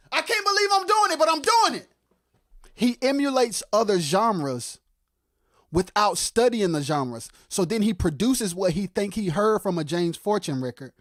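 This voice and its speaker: On a live music talk stream, a co-host with a medium-pitched voice delivers impassioned commentary on music production, getting fired up and shouting before dropping into quiet asides. They repeat phrases for emphasis, and the recording is dry and studio quality.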